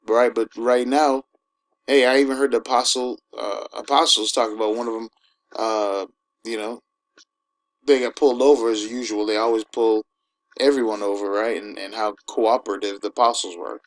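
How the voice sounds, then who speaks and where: A man's voice: medium pitch, steady tone, rough recording. Emphatic man preaching informally. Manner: emphatic, keeps asking "all right?"; slows down to read scripture aloud. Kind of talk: informal sermon with scripture reading.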